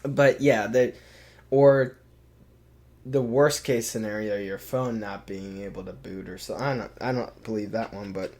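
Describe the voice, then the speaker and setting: A man's voice: on the low side, fairly even intonation, measured pace, darkish tone. Rambling man co-hosting a tech podcast. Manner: rambling, thinks aloud with many "like"s. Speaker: podcast co-host. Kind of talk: casual tech podcast chat.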